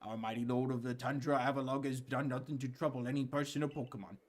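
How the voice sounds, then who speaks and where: A man's voice: mid-range voice, steady tone, fast talker, slight background noise, natural voice. A man voicing a proud, muscular male clan warden in a put-on accented voice. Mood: stern.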